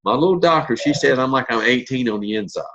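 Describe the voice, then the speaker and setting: A man's voice: medium pitch, animated, fast talker, fairly bright tone, lo-fi sound. A man in his fifties giving a motivational talk as a network marketing leader, telling stories in a blunt, folksy way with mild cursing. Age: 50s.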